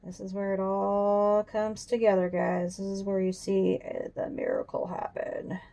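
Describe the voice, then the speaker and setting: A woman hosting a coloring tutorial, chatting casually and thinking aloud as she works, even talking to her drawing. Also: medium pitch, unhurried, creaky. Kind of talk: casual demonstration while drawing. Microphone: camera on a tripod.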